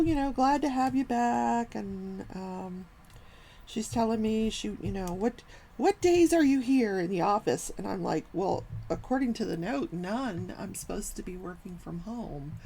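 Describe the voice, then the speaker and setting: Gravelly-voiced older woman telling a story. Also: medium pitch, slight background noise, low-quality recording. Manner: animated, acts out quoted people. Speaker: talk show host. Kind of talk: casual storytelling chat.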